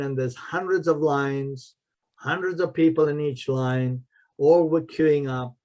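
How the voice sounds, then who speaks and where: A man's voice: on the high side, darkish tone. A man who is a martial arts master and spiritual mentor, telling stories in an interview with emphatic repetition. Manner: emphatic, repeats key phrases. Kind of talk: storytelling in a podcast interview.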